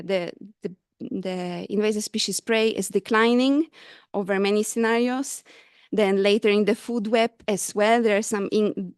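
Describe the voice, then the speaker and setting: Woman, conference presenter, hesitant with fillers, slightly breathless, smooth clear voice, dry close sound. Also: medium pitch, no room sound. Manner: hesitant, many fillers and restarts. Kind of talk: scientific conference talk. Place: conference hall.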